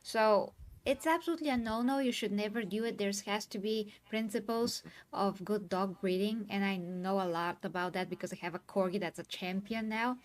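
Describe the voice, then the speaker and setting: A woman hosts a commentary panel, speaking earnestly and with clear emotion as she explains her view at length. Her voice sits in a middle pitch. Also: normal speed. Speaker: host.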